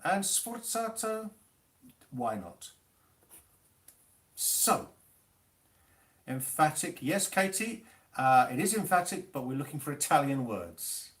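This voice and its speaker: A man teaching music, hosting a live online quiz, reading out Italian terms slowly and teasing players about their spelling and the rules. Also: on the high side, very animated, fairly bright tone.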